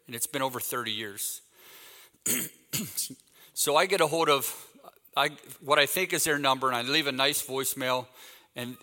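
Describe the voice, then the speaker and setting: Bright-voiced man preaching in a reverberant hall. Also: mid-range voice. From Texas. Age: 50s. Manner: animated anecdotal storytelling, acts out quoted dialogue. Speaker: guest speaker. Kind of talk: sermon with storytelling.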